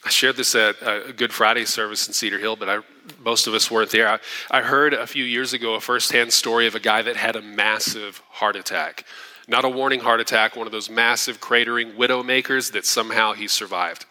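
Man, pastor, sermon, earnest, animated, bright forceful tone, reverberant sanctuary. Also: fairly low pitch, a little fast. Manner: earnest, animated preaching with acted-out quotes. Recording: long hall reverb.

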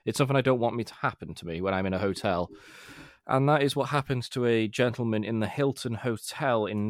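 A man's voice: on the low side, no echo, studio quality. A man co-hosting a podcast, chatting casually and rambling with jokes. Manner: rambling, quick, jokey. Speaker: podcast co-host. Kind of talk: casual chat.

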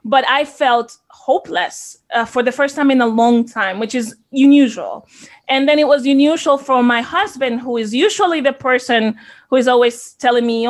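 A woman's voice: high voice, moderate pace. Earnest woman from the Dominican Republic. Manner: earnest, reflective, repeats words when starting. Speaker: child care center owner, guest. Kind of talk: conversational interview.

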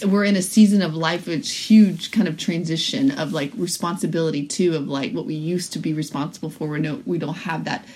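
A woman's voice: deep voice, fairly even intonation, brisk, few pauses, darkish tone, slightly rough. A woman in her forties co-hosting a podcast with her husband, chatting thoughtfully. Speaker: podcast co-host. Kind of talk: casual chat.

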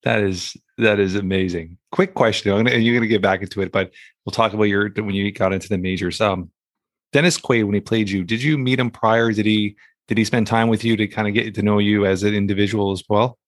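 A male host with a fairly low voice, reacting briefly and following up with quick questions. The sound is very dry and close. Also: fairly even intonation, dry recording. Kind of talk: interviewer asking questions.

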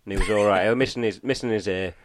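A man's voice: fairly low pitch, racing, slight background noise. A man in a casual chat, talkative and self-deprecating.

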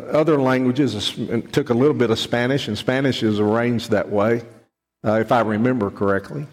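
A man preaches to a congregation, earnest and deliberate, dragging out the words he wants to land. His pitch sits in the middle for a man. A long church-hall reverb trails after each phrase. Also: darkish tone. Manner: earnest, slows down to stress key words. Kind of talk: sermon. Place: church sanctuary.

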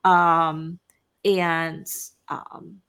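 A woman's voice: sits low, flat delivery, drawn-out words, fairly bright tone, smooth. A woman author as an interview guest, chatting and telling funny family stories with a lot of laughter. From Wisconsin. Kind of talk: casual interview chat.

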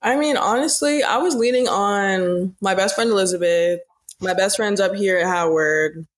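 A woman's voice: mid-range voice, moderate pace. A young woman, a recent college graduate, talking earnestly and emotionally with her father on a casual family podcast, full of "like.". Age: young adult. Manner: emotional, earnest, many "like" fillers. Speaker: podcast guest, daughter.

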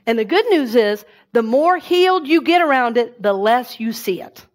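A female minister with a fairly high, expressive voice speaks at a moderate pace, delivering a warm, conversational sermon. She leads the congregation in affirmations as she preaches.

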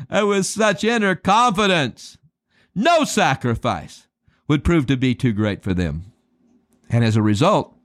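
A man preaching a sermon, emphatic and dramatic, slowing down to stress key words and calling his listeners beloved. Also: high-pitched, fairly bright tone, dry recording, clean studio sound. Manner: addresses listeners as beloved and friends.

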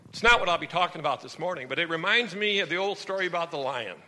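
A male pastor preaches a sermon with an animated storytelling delivery. His voice sits high and sounds bright, with lively swings in pitch. Long reverb fills the hall around him. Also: fast, slight background noise.

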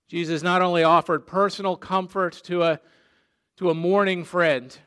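Slow, emphatic male preacher. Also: a little high. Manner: slow, emphatic, drops soft on key phrases. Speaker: pastor. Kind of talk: sermon.

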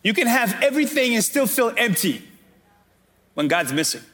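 A man's voice: extremely high pitch, big pitch swings, moderate pace, a bit bright. A man preaching a sermon as pastor, calling out directly to his congregation.

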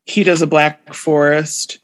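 A woman's voice: low voice, little pitch movement, takes it slowly. Hesitant woman in her forties chatting. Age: 40s. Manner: hesitant, many ums and trailing thoughts. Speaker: podcast co-host. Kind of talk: casual chat reviewing a baking show.

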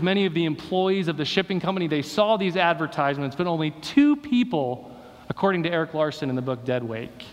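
A male pastor preaches in a fairly high voice, pressing his point with repeated rhetorical questions. His words ring out with a long echo, as though he is speaking in a church sanctuary. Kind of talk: sermon. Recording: long reverb of a hall.

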